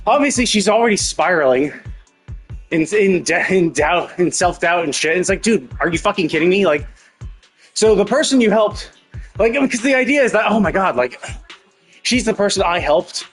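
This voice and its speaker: A man on a live stream vents about a game's story in a fed-up, cursing rant. His voice sits fairly high, and quiet game music plays underneath. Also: animated, moderate pace, husky. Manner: profane, exasperated ranting. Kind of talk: live gameplay commentary.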